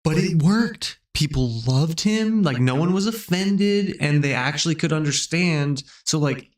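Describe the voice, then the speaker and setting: A man's voice: fairly high pitch, animated, a little slow, reverberant. A man co-hosting a podcast in casual chat, telling stories in a rambling way with false starts. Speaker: podcast co-host.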